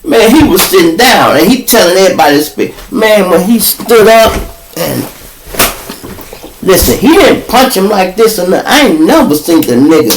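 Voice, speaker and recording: A man's voice: sits high, sing-song, moderate pace, a little hiss or hum. A man telling a rowdy Chicago jail story. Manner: acts out other voices, bursts into laughter and shouts. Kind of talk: animated storytelling. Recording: roomy echo.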